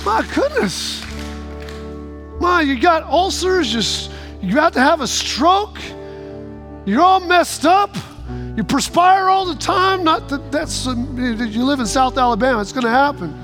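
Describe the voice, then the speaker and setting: Male pastor, very high voice, emphatic sermon delivery, faint music behind. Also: unhurried, fairly bright tone. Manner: emphatic, repeating phrases, stammering restarts.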